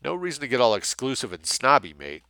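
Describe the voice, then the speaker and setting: A man's voice: mid-range voice, very animated, quick pace, sharp tone, dry recording, pitched above the performer's own voice. A man voicing a blunt, brash young woman mercenary who talks in a slangy, challenging way. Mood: pushy.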